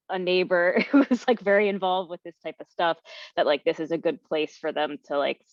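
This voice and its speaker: A woman's voice: low voice, no echo. A young woman on a council's video call, speaking tentatively with many filler words. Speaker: council member. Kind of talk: casual virtual meeting talk. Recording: dull lo-fi video call audio.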